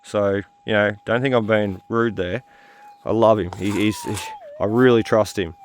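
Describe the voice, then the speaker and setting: A tired man hosting a metal detecting video, talking in a halting, rambling way full of fillers while he searches outdoors. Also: fairly low pitch, a little hiss or hum. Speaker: metal detecting channel host. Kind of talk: rambling casual vlog talk while detecting.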